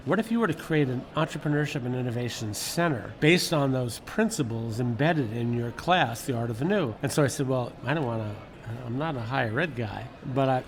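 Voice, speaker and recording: Older male interviewee, middle pitch, animated and frank, light hiss on the recording. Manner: animated, candid, laughs often, swears casually. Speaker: interview guest, former magazine editor. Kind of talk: reflective storytelling interview.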